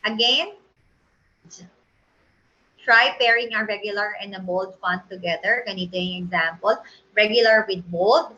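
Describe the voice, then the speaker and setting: A woman's voice: mid-range voice, sharp tone, highs cut off. A woman with a Filipino accent, teaching a design tutorial in a chatty way and often checking that listeners agree. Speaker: design instructor. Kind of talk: screen-share tutorial lesson.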